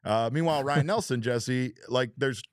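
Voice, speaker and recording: A man's voice: medium pitch, normal speed, no room sound, clean studio sound. A man hosting a sports podcast in a casual chat style, talking freely, reading out viewer comments and swearing lightly. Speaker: podcast host.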